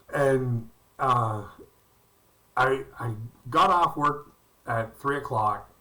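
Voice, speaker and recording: Guy rambling thru funny work stories, stand-up style, kinda bright voice, a bit far from the mic. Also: mid-range voice. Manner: rambling, folksy anecdotes with acted-out quotes. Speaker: stand-up comedian. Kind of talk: storytelling stand-up routine.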